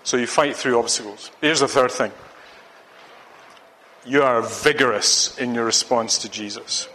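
A man's voice: mid-range voice, steady tone, unhurried, pushed and bright. A man from Scotland preaching a sermon, earnest and urging, repeating phrases for emphasis. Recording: long hall reverb.

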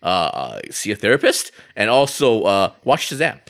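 A man's voice: on the low side, very animated, moderate pace, a bit bright. A man co-hosting a podcast in casual chat, teasing and wisecracking. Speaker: podcast co-host.

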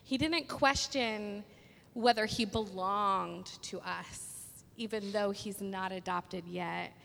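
A woman's voice: medium pitch, takes it slowly, vocal fry, a bit bright, a little hiss or hum. A woman with a cold telling a personal story at a church service, chatty and self-deprecating, with ums. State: has a cold. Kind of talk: storytelling sermon. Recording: long echo of a hall.

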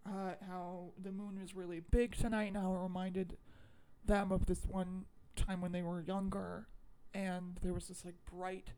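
A woman co-hosting a podcast, telling a film's plot in rambling, animated casual chat. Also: fairly low pitch, a little slow. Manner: rambling and animated, lots of fillers, swears. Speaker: podcast co-host. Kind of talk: casual chat recapping a film.

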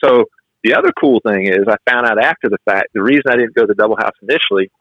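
A man's voice: on the low side, fast talker, no echo, dull audio. A man who is a fire officer, telling stories in a conversational interview and acting out the lines of the people in them. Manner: animated storyteller who acts out quotes.

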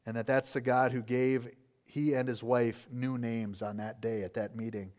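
A man's voice: medium pitch, flat delivery, normal speed, darkish tone. A man preaching an expository sermon, explaining the text earnestly and asking rhetorical questions.

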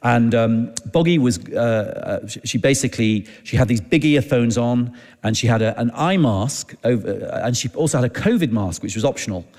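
A man preaching, telling a personal story in a chatty, halting way and acting out the dialogue. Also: medium pitch, expressive, a little mellow. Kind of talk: anecdotal sermon storytelling. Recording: long hall reverb.

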